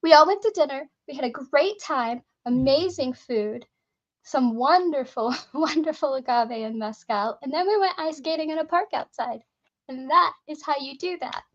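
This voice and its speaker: Woman with a high voice rattling off stories, lots of "like", kinda muffled audio. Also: moderate pace. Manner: lively anecdotes, frequent fillers, acts out both sides of dialogue. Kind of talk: casual storytelling chat.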